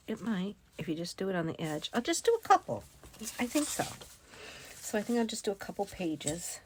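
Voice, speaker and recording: A woman's voice: lowish voice, animated, normal speed. A woman talking casually as she works on a craft project, thinking aloud and sometimes dropping to a whisper. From United States. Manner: chatty, thinks aloud, drops to whispers while working. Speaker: crafting vlogger. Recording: loud background noise.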